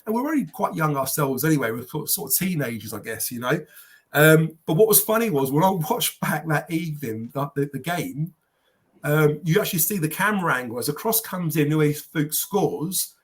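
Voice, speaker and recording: A man telling animated football anecdotes on a podcast panel, slipping into quoted voices. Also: a little high, normal speed, slightly rough. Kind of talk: casual storytelling.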